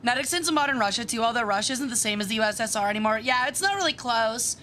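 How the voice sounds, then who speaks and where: Bright bratty woman streamer. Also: on the high side, animated, a little hiss or hum. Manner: bratty, swears freely, quick reactions. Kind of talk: casual gameplay commentary.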